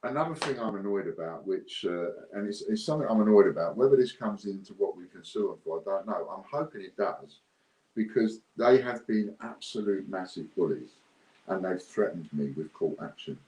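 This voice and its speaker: A man's voice: deep voice, expressive, brisk, warm tone, echoey room, low-quality recording. A man ranting to camera, blunt, indignant and repetitive. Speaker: business owner vlogger.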